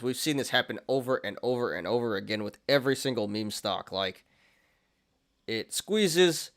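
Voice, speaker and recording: A man's voice: mid-range voice, clean tone. A young man hosting a market show, chatting casually through charts, often laughing and restarting his sentences. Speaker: stock and crypto show host.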